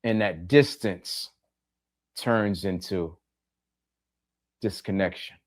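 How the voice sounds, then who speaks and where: Speaking slowly in a low-sitting voice, a middle-aged man hosts a podcast and reflects aloud to his listeners. He keeps it plain, repeats key phrases for emphasis, and addresses questions directly to his audience.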